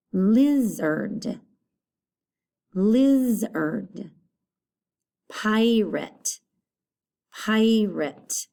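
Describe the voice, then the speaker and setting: A woman teacher giving a recorded phonics lesson, patient and repeating each word clearly. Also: fairly low pitch, dark tone.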